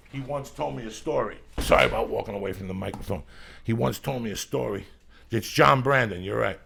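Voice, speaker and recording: Stoned middle-aged guy hosting a podcast, low gravelly voice, swears nonstop. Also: a little fast, fairly bright tone, a little hiss or hum. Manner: profane, rambling storyteller. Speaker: podcast host. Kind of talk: casual podcast chat.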